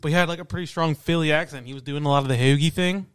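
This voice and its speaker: A man's voice: on the high side, racing, clean tone, no room sound, studio quality. A man with a South Jersey accent hosting a podcast, talking in casual chat, emphatic and insistent, swearing freely. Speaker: podcast host.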